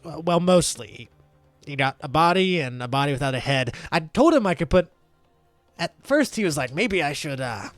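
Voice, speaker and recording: A flustered male necromancer spirit, summoned and rattled, whining and rambling in a high, jumpy voice, as a game master puts him on. He swings up and down in pitch, and the sound is close and dry. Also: no echo, close to an everyday voice. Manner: giddy, whiny, rambling.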